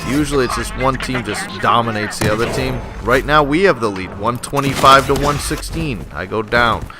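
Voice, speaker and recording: A man's voice: mid-range voice, normal speed, over music. A man, host of a gaming channel, talking casually over his own gameplay and swearing freely. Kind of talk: gameplay commentary.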